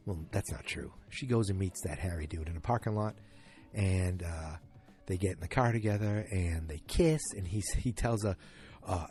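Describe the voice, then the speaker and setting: A man hosting a solo podcast, retelling a TV episode in a rambling, animated way and acting out the characters' lines. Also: low-pitched, moderate pace. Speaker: podcast host. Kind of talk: casual solo recap.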